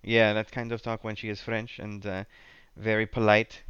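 A man's voice: on the low side, level tone, normal speed, fairly bright tone, smooth, no room sound, dull audio. A man chatting casually as a guest about his tabletop character, rambling with many restarts and fillers. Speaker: podcast guest, tabletop player. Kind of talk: casual chat.

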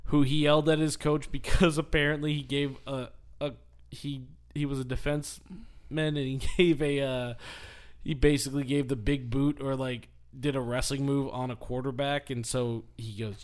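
A man's voice: mid-range voice, little pitch movement, normal speed. A man hosting a podcast, telling a story in casual chat and acting out the quotes. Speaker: podcast host.

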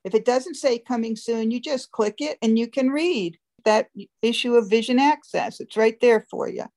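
A woman's voice: on the high side, normal speed, a little mellow. A woman, a webmaster, chatting on a conference call as she walks through a website step by step, laughing now and then. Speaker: webmaster giving a site tour.

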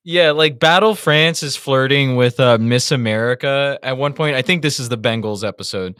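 A man co-hosting a casual review podcast, telling stories in an animated, profane way. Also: mid-range voice, normal speed, smooth, no echo, studio quality. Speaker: podcast co-host.

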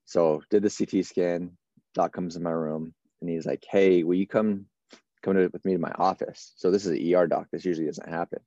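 A man in his thirties with a low, mellow voice recounts a personal story casually, quoting what everyone said to him. The sound is dry, with a slightly dull, muffled top end. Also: fairly even intonation, brisk, no room sound. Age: 30s. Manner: casual, run-on retelling with many quoted exchanges. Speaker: firefighter guest. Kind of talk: storytelling in an interview.

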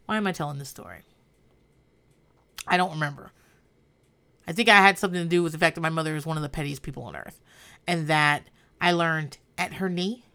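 A woman hosts a casual podcast recap, profane and blunt, laughing often. She has a fairly low pitch and a sharp tone, recorded on a podcast mic.

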